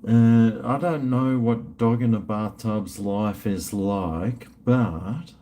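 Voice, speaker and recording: A man's voice: on the low side, slow, mellow, a little hiss or hum. A middle-aged man, hosting a casual livestream and reading super chats. He rambles, mumbles, trails off and swears often, drinking while streaming. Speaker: livestream host.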